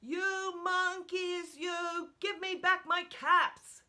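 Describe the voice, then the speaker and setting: A woman's voice: extremely high pitch, flat delivery, voice pushed up, full character voice. A woman voicing an angry grown man, a peddler scolding monkeys in a storybook. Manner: shouting, drawn-out scolding. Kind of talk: storybook character voice.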